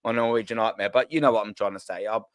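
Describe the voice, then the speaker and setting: A man's voice: lowish voice, steady tone, fast talker, no echo. A man hosting a casual football chat on a video call, joking, swearing and repeating himself. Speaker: host.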